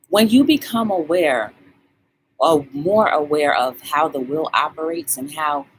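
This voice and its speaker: Lively woman hosting a casual live stream. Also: low-pitched, a little hiss or hum. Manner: animated, shouting out viewers by name; colloquial, conversational. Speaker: talk show host.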